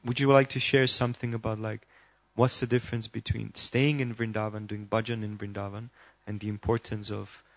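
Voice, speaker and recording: A man's voice: lowish voice, brisk, few pauses, no room sound. A man in the audience asking a long question at a temple class, listing points one after another. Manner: listing points in a steady, even tone. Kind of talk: question from the floor.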